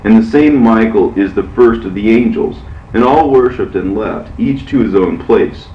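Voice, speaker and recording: A man narrating an ancient religious text in a measured, solemn way, heard from far off in an echoey space. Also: lowish voice, dull audio. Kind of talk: scripture reading.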